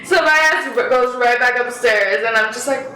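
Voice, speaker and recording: A young woman casually telling a story on a podcast, animated, swearing often and laughing. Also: on the high side, moderate pace, echoey room, poor audio. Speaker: podcast co-host.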